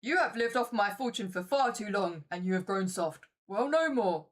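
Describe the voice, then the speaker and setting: A woman's voice: mid-range voice, expressive, brisk, distant mic, lightly acted. A woman reading as a stern rich father. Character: stern wealthy English father, scolding.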